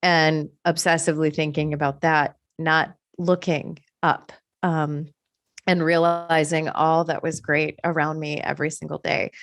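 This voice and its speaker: A woman's voice: deep voice, no echo, clean studio sound. A woman co-hosting a podcast, sharing her gambling recovery story in an earnest, reflective way.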